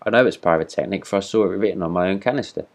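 A man's voice: deep voice, rapid-fire. A man voicing a pompous, vain talking firework rocket in a read-aloud storybook, haughty and indignant. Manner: haughty, self-important, indignant.

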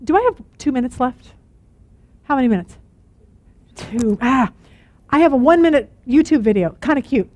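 High-voiced, earnest woman Bible teacher. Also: normal speed, pauses often, dry recording. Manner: animated and earnest, repeating for emphasis. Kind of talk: teaching a women's Bible study.

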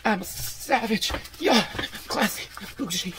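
A woman playing a rambling, defensive parody of a female YouTuber in a comedy sketch, swinging into yelling. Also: medium pitch, lively intonation, slow, noisy background.

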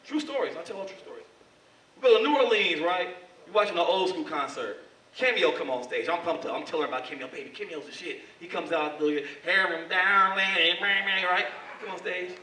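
A male stand-up comedian hosting a live club show, telling stories in an animated way. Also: high-pitched, slight background noise. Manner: animated storytelling. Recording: echoey club, distant mic.

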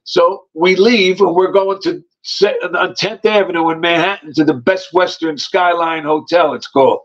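A man telling animated, tough stories from his past as a guest. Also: high-pitched, normal speed. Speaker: guest, former mobster. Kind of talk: storytelling. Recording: dull lo-fi sound.

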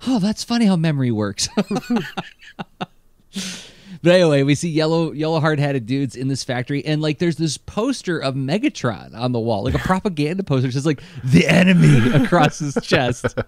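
A man hosts a podcast in loose, casual chat, his pitch swooping up and down as he talks. He laughs often and fills his speech with fillers. The sound is dry and close to the mic. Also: lively intonation, a little fast, darkish tone, no echo. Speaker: podcast host.

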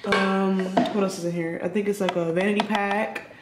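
A woman's voice: medium pitch, little pitch movement, moderate pace, roomy sound, very noisy. A woman filming a casual vlog in a hotel room, rambling and chatty with lots of fillers. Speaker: vlogger.

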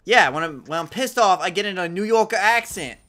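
A young man hosting a casual gaming chat with friends, loud, excitable and swearing often. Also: high voice, fairly quick. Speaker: host.

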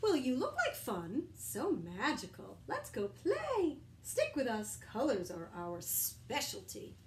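A woman voicing a band of playful talking crayons in a storybook, bouncy and excited. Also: high voice, slow pace, roomy sound, slight background noise, full character voice. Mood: cheerful.

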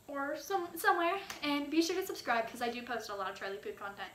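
A woman hosting a music reaction vlog, talking in an excitable, gushing way. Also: high-pitched, fast talker, few pauses, a little hiss or hum. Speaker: vlogger. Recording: echoey room.

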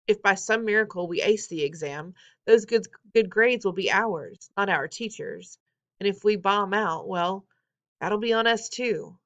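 Wry, expressive woman reading a novel. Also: mid-range voice. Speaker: audiobook reader. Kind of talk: novel read-aloud, first-person teen narration.

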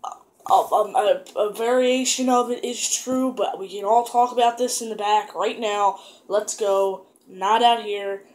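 A woman's voice: medium pitch, steady tone, a little mellow, close to an everyday voice. A woman imitating an evasive older man who runs a wrestling company, hurrying to move the talk elsewhere, in her own voice. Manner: dodging, hurried, wants to move the talk elsewhere.

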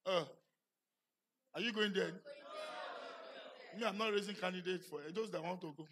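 In a church with a noisy background, a pastor with a Nigerian English accent preaches at normal speed in a high-pitched voice. He questions the congregation and builds toward shouting for emphasis.

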